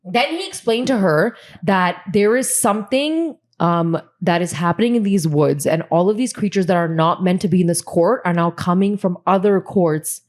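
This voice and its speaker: Animated woman retelling a story. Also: lowish voice, moderate pace, hardly any pauses. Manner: animated storyteller who acts out the characters' lines; chatty, calls the listener "girl". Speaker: podcast co-host. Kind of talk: casual chat retelling a book plot.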